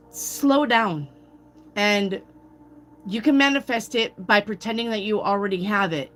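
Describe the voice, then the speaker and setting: A woman's voice: on the high side, fairly bright tone. A woman giving a casual live tarot reading, chatty and swearing freely as she calls out viewers by name. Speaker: tarot reader.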